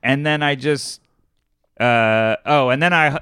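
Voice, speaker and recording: A man's voice: medium pitch, a little slow, fairly bright tone, smooth, dry recording, clean studio sound. A man, a stand-up comedian, telling a rambling story in casual chat, with lots of fillers and laughs.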